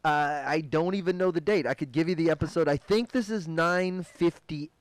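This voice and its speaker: A man hosting a casual podcast, talking in a loose, rambling way that turns loud and mocking in jokes. His voice sits on the high side. The sound is close and dry, with no room behind it. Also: moderate pace, dry recording. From United States. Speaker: podcast host. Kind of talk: casual chat.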